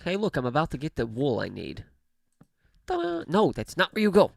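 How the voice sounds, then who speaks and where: A game streamer talks casually into a close studio mic with a pop filter, the pitch bouncing widely from low to high. The voice has a gravelly, fried edge, and the sound is dry with no room around it. The talk rambles with fillers and restarts, broken up by frequent laughter. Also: wildly swooping pitch, normal speed, no room sound. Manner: rambling, many fillers and self-corrections; laughs often while talking. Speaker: gaming livestream host. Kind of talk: casual chat while livestreaming a game. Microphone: studio microphone with pop filter.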